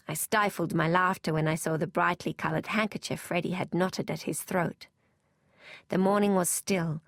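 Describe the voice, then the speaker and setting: A woman narrating a novel aloud in first person, in a measured, even manner. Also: lowish voice, no room sound, studio quality. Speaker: audiobook narrator.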